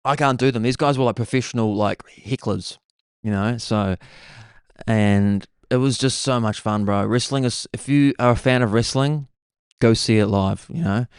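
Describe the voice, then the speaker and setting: A young man with a New Zealand accent, hosting a podcast and telling stories in an excitable, casual way. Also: medium pitch, moderate pace, clear, resonant tone, no room sound, studio quality. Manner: excitable, says "bro" constantly. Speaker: podcast host. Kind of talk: casual storytelling chat.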